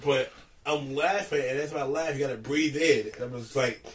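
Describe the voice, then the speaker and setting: A man's voice: medium pitch, normal speed, far from the mic, a little hiss or hum. A man co-hosting a casual chat, telling a profane story and laughing through it.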